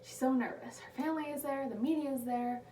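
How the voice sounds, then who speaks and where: A woman delivering a prepared motivational speech, slowing down to stress her key phrases. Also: sits high, fairly even intonation, dark tone, far from the mic. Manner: emphatic, slows down on key phrases. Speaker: speaker giving a motivational speech. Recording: echoey room taken from afar, background noise.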